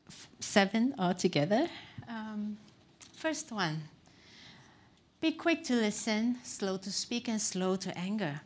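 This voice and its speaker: A woman's voice: mid-range voice, animated, takes it slowly. A middle-aged woman pastor giving a conversational sermon, candid and self-deprecating, with frequent "um" and "you know.".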